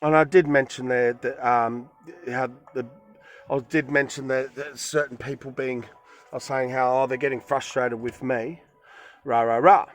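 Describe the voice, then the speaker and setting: A man's voice: medium pitch, fairly even intonation, moderate pace, faint music behind. A man vlogging from his van in a forest, retelling a run-in in a rambling, emphatic way. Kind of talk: casual storytelling to camera.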